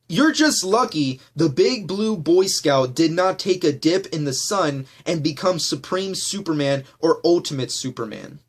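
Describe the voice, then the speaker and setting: Man, high voice, heated ranting response video, profane, loud outbursts then calm asides. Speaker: YouTuber answering a comment.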